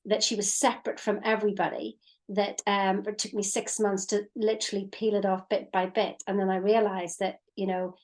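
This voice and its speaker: Brief: woman in her fifties, mindset coach, reflective co-host, mid pitch, halting delivery. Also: little pitch movement, a little mellow. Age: 50s. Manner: reflective, hesitant, with fillers and restarts. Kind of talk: casual chat. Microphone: video call.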